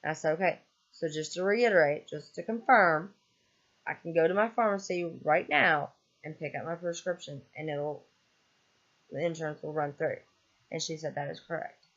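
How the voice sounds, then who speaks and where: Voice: mid-range voice, moderate pace, fairly bright tone. Exasperated rambling vlogger, lo-fi sound. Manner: exasperated, rambling, swears freely, many ums. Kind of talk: casual vlog rant.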